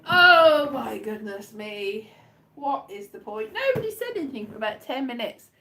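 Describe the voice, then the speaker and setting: A woman's voice: fairly high pitch, sing-song, moderate pace, sharp tone. A woman comic poet rambling through a self-mocking monologue full of wandering asides.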